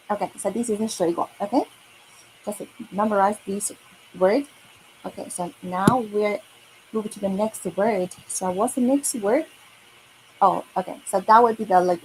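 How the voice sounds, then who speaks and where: A woman gives an online lesson at an unhurried pace, saying each word carefully and asking whether the learner follows. Her voice sits mid-range in pitch, and a faint hum of room ambience runs behind her. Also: low-quality recording. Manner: patient, repeats words slowly with many okays. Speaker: Mandarin teacher.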